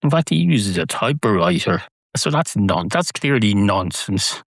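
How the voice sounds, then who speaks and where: Man, podcast host, deadpan, rambling comedy, lowish voice, dry close sound. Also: unhurried, no echo. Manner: deadpan, rambling absurd humor. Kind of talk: comedic solo monologue.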